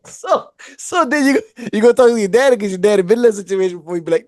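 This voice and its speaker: High-voiced man telling animated stories. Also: racing, hardly any pauses, no room sound, clean studio sound. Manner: animated storytelling, acts out quoted voices. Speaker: podcast co-host. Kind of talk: casual chat.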